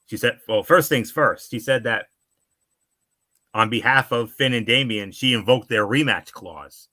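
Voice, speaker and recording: Male co-host, wrestling recap podcast, bright and forceful tone, filler-heavy delivery. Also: on the low side, no echo. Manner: chatty, with frequent fillers and restarts. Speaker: wrestling show co-host and analyst.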